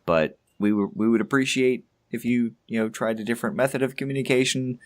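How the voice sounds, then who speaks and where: A man's voice: mid-range voice, brisk. A man co-hosting a casual podcast, rambling along with stammered restarts and little chuckles. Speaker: podcast co-host.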